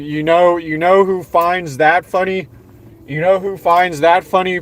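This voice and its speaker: Streamer type: young Southern man from Florida, mocking and sarcastic, slightly high voice, repeats lines for effect. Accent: Southern American. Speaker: livestream host. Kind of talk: ranting livestream monologue.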